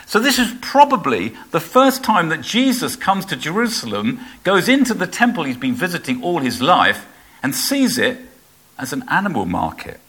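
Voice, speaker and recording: Lively male preacher. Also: on the high side, moderate pace, slightly rough. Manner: conversational, asks the audience rhetorical questions. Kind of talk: sermon.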